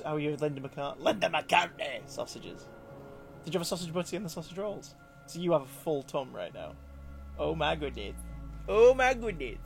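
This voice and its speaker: Gravelly man chatting on stream. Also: on the high side. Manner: chatty storyteller, rambling with restarts, reads out chat. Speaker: game streamer. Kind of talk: casual live-stream chat.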